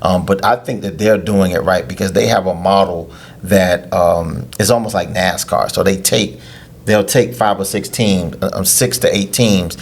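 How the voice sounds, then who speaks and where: A man, a youth lacrosse coach, explaining things in a casual interview with drawn-out hesitations. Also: low-pitched, creaky, slightly rough. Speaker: head coach of a youth lacrosse team, podcast guest.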